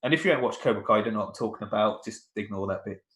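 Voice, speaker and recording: This thirties-aged podcast co-host has a lowish, fairly bright voice and races along, with a roomy sound. He's a chatty storyteller grumbling about his family in casual banter, often imitating other people's voices.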